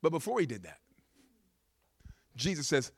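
A man's voice: on the high side, big pitch swings, normal speed, breathy edge, dry recording. A man preaching a sermon, telling the story with humor and repeating words for emphasis.

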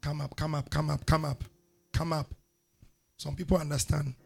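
Gravelly high-voiced preacher. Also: male voice, little pitch movement, moderate pace, faint music behind. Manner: call-and-response preaching, rising to loud exhortations. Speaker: pastor. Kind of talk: sermon.

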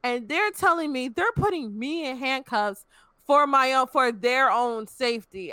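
A woman's voice: high voice, animated, measured pace, sharp tone, dry recording. A young woman in her twenties frankly telling a personal story in casual chat, swearing and filling with "you know".

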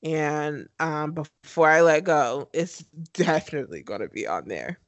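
A woman's voice: low-pitched, sing-song, measured pace, no echo. A woman co-hosting a podcast in casual chat, enthusiastic and emphatic as she gushes. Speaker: podcast co-host.

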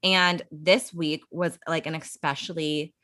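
A young woman in her twenties with a slightly low voice gossips casually, as a podcast co-host chatting about reality TV. She swears freely. The recording is dry and close. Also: fairly even intonation, unhurried, a bit bright, no echo. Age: 20s or early 30s. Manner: gossipy, mimics people, swears.

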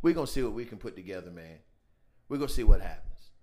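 A man acting as a show host in a comedy sketch, talking in a low-key, coaxing, mumbling way. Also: animated, fast, dark tone.

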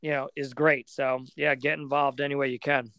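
Young American man, podcast guest; relaxed, filler-heavy storytelling, clear smooth tone on a dry close mic. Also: mid-range voice, normal speed, dry recording. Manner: relaxed, rambling, many fillers. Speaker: podcast guest, floorball player. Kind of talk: casual storytelling.

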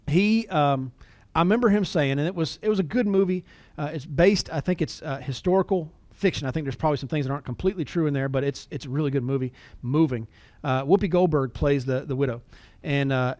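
A middle-aged man coaches salespeople in a relaxed, anecdotal way, stumbling over repeated words and slipping into quick acted phone calls. His voice sits a bit high for a man. The sound is dry, with no room echo. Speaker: sales trainer. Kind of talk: conversational training talk with anecdotes.

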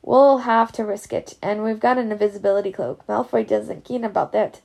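A woman's voice: medium pitch, normal speed, creaky, darkish tone. A woman reading the lines of a determined boy wizard, urgent and practical.

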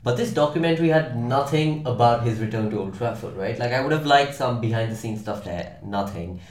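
A man hosting a relaxed football podcast, talking in a loose, chatty way full of fillers. His voice sits at an ordinary middle pitch. The room around him rings with a noticeable echo. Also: brisk. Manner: chatty, leans on "like" and "right?". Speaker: podcast host. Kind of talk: casual chat. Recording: roomy echo.

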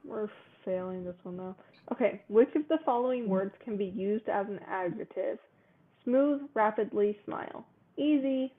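A woman's voice: mid-range voice, normal speed. A woman co-hosting a casual quiz chat, reading questions aloud and laughing often. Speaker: co-host. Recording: tinny phone-like sound.

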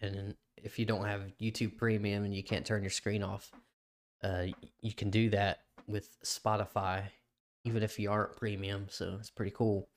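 A man's voice: on the low side, level tone, moderate pace. A young man co-hosting a podcast, telling a story in a rambling, profane way and laughing often. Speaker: podcast co-host. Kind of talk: casual chat.

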